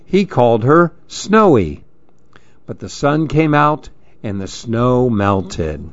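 A man reading children's storybooks aloud in a slow, lilting, expressive way. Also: mid-range voice, no room sound. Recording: dull lo-fi dry recording.

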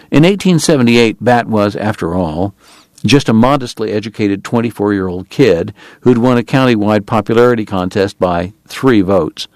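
Dry measured male audiobook narrator. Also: fairly low pitch, a little mellow, no room sound. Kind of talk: scripted narration.

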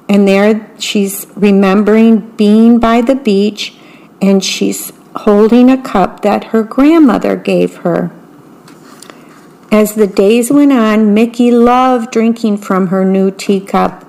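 Slow, careful woman reading a picture book. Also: mid-range voice, a little mellow. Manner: slow, careful, describes the pictures between passages. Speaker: storyteller.

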